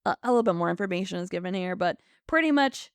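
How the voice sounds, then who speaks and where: A woman's voice: lowish voice, lively intonation, quick pace, clean tone, no echo. A woman co-hosting a podcast, casually recapping an episode and acting out the characters' lines. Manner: chatty, acts out characters' lines in quotes. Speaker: podcast co-host.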